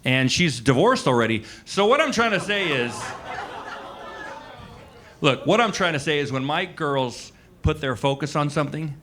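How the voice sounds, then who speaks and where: A man's voice: on the high side, animated, normal speed, fairly bright tone, some chatter behind, slight background noise. A man in his forties doing a loose, conversational stand-up set on a club stage, with lots of likes and asides. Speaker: stand-up comedian. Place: comedy club stage with live audience.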